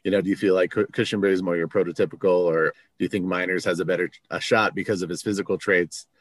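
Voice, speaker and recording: Easygoing male podcast host with a very low voice, dry close sound. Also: steady tone, fast talker, no room sound. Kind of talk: casual sports podcast chat.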